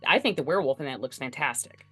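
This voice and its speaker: A woman guest in a casual podcast chat, eager and animated, laughing easily. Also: very deep voice, quick pace, soft background music.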